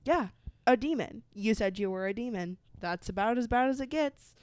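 A woman's voice: fairly high pitch, animated, moderate pace, darkish tone, clean tone, dry recording. A woman co-hosting a casual true-crime podcast, reading an old letter aloud and mocking it with sarcasm and swearing. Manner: sarcastic, swears, laughs often. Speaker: podcast co-host.

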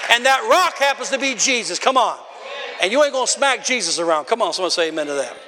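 A man delivers a fiery sermon in a strikingly high, bright voice, shouting out his points and calling for answers from the pews. His words echo with a long tail through a large church hall. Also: lively intonation, fast talker, a faint crowd. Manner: emphatic, often shouting, calls on the congregation. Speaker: preacher.

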